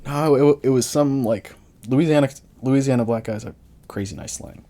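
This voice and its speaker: A man's voice: mid-range voice, normal speed, warm tone. A young man in casual podcast chat, telling rambling stories full of slang. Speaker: podcast co-host.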